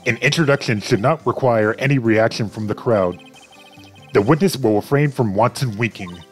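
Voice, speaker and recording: A man's voice: mid-range voice, normal speed, faint music behind, close to an everyday voice. A man voicing a stern male judge in a game playthrough, formal and admonishing.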